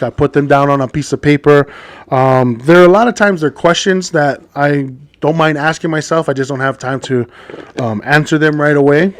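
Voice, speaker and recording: A man from Hawaii hosting a casual solo podcast, joking and animated, often laughing at his own stories. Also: on the high side, no room sound. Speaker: podcast host.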